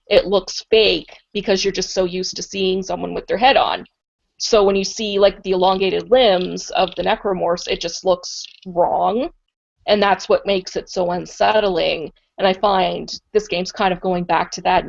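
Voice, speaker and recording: A woman's voice: medium pitch, gravelly. A woman co-hosting a podcast in casual chat, chatty and enthusiastic and often saying "like". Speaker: podcast co-host. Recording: dull lo-fi podcast audio.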